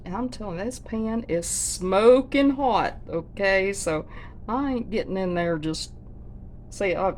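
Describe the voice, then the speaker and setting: A woman's voice: mid-range voice, darkish tone, a little hiss or hum. A woman hosting a homestead cooking vlog from her kitchen, chatting to viewers in a folksy way. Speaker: homestead cooking channel host. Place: home kitchen.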